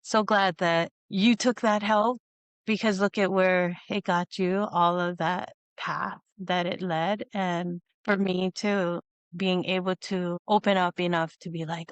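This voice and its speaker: A woman hosting a podcast, telling a personal story in a casual, animated way and acting out the dialogue. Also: lowish voice, slow, clean tone, no echo. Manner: animated, acts out quoted dialogue with lots of "you know". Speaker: podcast host.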